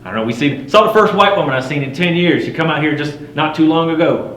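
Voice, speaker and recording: This middle-aged living history storyteller talks fast in a natural, slightly bright, high-leaning voice while portraying a boastful frontier fur trapper. He tells a first-person campfire tall tale in a folksy drawl with rough frontier grammar, wry and swaggering, laughing at his own yarns. Faint hum runs through a roomy recording.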